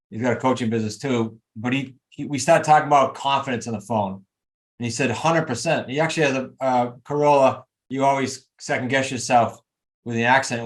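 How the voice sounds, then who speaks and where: A man leads a group coaching call over video in a mid-range voice. He talks emphatically and pushes his listeners with motivational energy. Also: mid-range voice. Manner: emphatic, motivational, rapid asides. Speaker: real estate coach.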